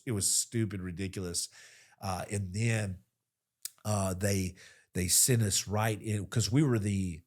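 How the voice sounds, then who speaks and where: Forties male veteran, slightly low voice; animated, salty podcast storyteller who punches his key lines. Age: 40s. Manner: animated, profane, swings to loud emphasis. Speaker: podcast guest, military veteran. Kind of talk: casual storytelling.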